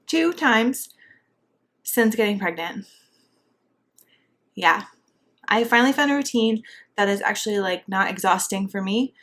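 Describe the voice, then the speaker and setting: A young woman with a lilt rambles cheerfully through a casual makeup tutorial. She is pregnant and a bit out of breath as she talks. Her delivery is chatty, full of fillers and asides, with a pitch in the ordinary middle range. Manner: chatty, bubbly, filler-heavy. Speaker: beauty vlogger.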